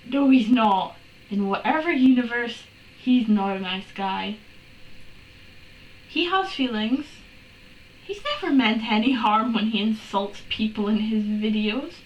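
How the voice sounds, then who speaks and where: Sarcastic woman, fairly high voice, reading and roasting a story in a roomy, off-mic recording. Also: dull audio. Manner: exasperated, sarcastic, swears and laughs. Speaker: fanfiction reader. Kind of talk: comedic dramatic reading with commentary. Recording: roomy room, distant from mic, faint hiss.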